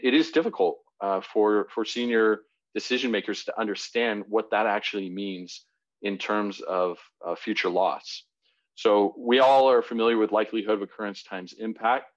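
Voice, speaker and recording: A man giving a live online presentation in a conversational way, with frequent fillers and restarts. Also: on the low side. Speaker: webinar presenter. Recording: dull lo-fi web audio.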